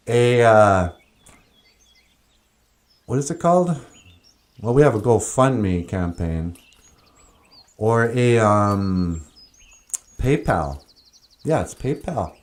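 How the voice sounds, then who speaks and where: A man's voice: fairly low pitch, lively intonation, slow, pauses often, a little mellow. A man hosting a casual stream, joking, chuckling often and reading out comments. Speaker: host. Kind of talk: casual livestream chat.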